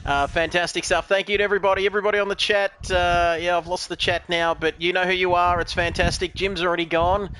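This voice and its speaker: A man's voice: sits high, level tone, fast, hardly any pauses, pushed and bright, a little hiss or hum. A man hosting post-race interviews on a sim racing stream, upbeat and chatty, with frequent fillers and friendly banter. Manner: upbeat, chatty, lots of "mate" and "uh". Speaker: sim racing league host.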